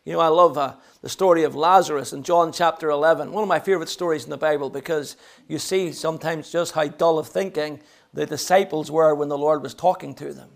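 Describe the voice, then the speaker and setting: A man's voice: fairly high pitch, steady tone, a little fast, creaky. A man with a Northern Irish accent preaching a sermon, swinging between ringing proclamation and chatty, joking asides.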